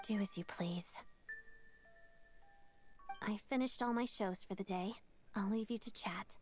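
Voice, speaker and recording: An actress voicing an aloof, weary young woman stage performer in a video game, speaking hushed and curt in whispered role-play. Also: medium pitch, unhurried, faint music behind, lightly acted.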